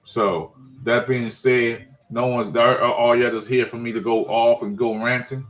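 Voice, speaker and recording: Casting: man, mid pitch, fed-up fan ranting, rambling with restarts. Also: steady tone, unhurried, fairly bright tone, poor audio. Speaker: sports fan vlogger. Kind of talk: casual ranting monologue.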